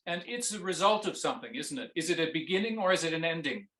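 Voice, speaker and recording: A man coaching a viola student in a masterclass, singing musical phrases between gentle instructions. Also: fairly high pitch, sing-song, fast talker, roomy sound. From Canada. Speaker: viola teacher giving a masterclass.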